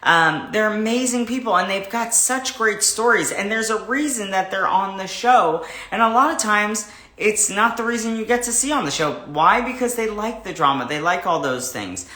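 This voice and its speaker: A man hosting a livestream, greeting viewers and chatting in a rambling, animated way before an interview. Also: high voice, moderate pace, echoey room. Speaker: host. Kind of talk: casual livestream chat.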